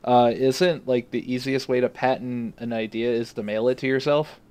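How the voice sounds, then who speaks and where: A man's voice: medium pitch, level tone, normal speed, a little mellow, clean tone. A man appearing as a guest streamer on a podcast, chatting casually with lots of fillers. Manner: chatty, filler-heavy, hedging. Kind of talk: casual chat.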